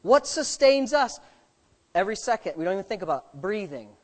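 A preacher delivering a sermon, firing rhetorical questions at the congregation and shifting between quiet asides and loud, slowed-down emphasis. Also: mid-range voice, very animated. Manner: jokes lightly with the listeners.

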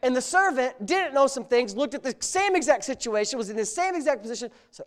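A man preaching a sermon as pastor, moving between quiet storytelling asides and loud, fervent exclamations. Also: very high-pitched, animated, brisk. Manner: storytelling with humor.

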